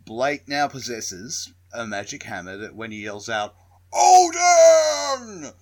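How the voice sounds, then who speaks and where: A man co-hosting a podcast in casual chat, swearing freely with animated asides. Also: on the low side, normal speed, heavy background noise. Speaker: podcast co-host.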